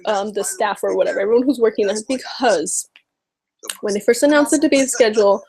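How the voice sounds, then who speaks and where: A woman's voice: medium pitch, a little fast, gravelly, poor audio. A woman talking casually to camera about politics, nervous and exasperated, full of "um" and "you know". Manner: nervous, exasperated and animated, mocking others in quotes; heavy use of fillers like "um" and "you know". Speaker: political vlogger.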